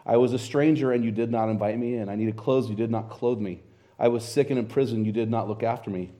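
A middle-aged American man preaching a sermon, telling a story in a lively, conversational way and quoting scripture. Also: mid-range voice, fast talker. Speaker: pastor.

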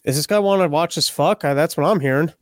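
A man co-hosting a podcast in casual, deadpan, crude joking chat. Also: on the high side, fast talker, no echo, studio quality. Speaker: podcast co-host. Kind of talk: casual comedic political chat.

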